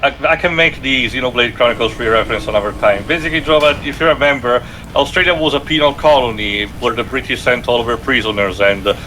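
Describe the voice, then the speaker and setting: A man's voice: medium pitch, fast, hardly any pauses, sharp tone, a little hiss or hum. A man co-hosting a casual gaming chat, rambling with lots of fillers and restarts. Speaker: podcast co-host.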